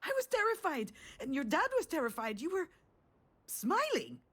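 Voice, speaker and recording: A woman's voice: very animated, normal speed, a bit bright. An actress voicing a loving mother who tells her daughter a tender childhood memory in a narrative game. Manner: tender storytelling, low and intimate.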